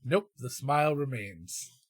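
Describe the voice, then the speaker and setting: A man narrating as game master and host of a tabletop game podcast, relaxed and full of fillers. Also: mid-range voice, unhurried, slightly rough, dry recording.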